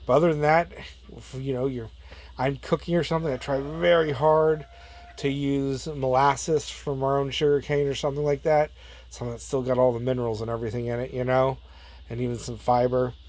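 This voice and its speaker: A relaxed man talks his way through a gardening vlog at an ordinary middle pitch. He rambles loosely, filling pauses with fillers and wandering into trailing asides. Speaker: plant grower and channel host.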